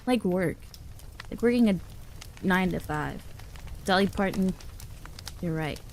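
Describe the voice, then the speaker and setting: A woman's voice: on the low side, lively intonation, unhurried. A woman streams from home and chats casually with her viewers, rambling and breaking into giggles. Her sentences often start over. A faint hiss sits under her voice. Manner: chatty, giggly, rambling with restarts. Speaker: livestreamer. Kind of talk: casual chat with live chat.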